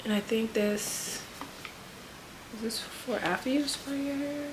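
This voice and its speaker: A woman's voice: a little high, slow pace, background noise. A woman vlogger with a stuffy nose, rambling laid-back about her shopping haul, using lots of fillers. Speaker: vlogger, full-time nurse. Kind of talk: casual haul chat.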